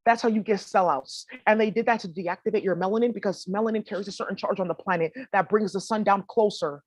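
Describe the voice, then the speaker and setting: A woman vlogger rambles straight to her viewers in a loose, casual monologue. Her talk is full of swearing and slang. Her voice sits at a middling pitch, and the recording is close and dry with no room echo. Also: fast, a little mellow. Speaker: spiritual vlogger.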